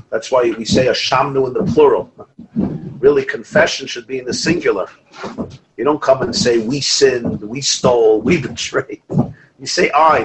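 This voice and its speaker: A man teaching a Torah class as a rabbi, lively, quoting Hebrew texts and telling stories. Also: mid-range voice, slight background noise, rough recording. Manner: animated, quotes Hebrew and Aramaic texts, asides and restarts.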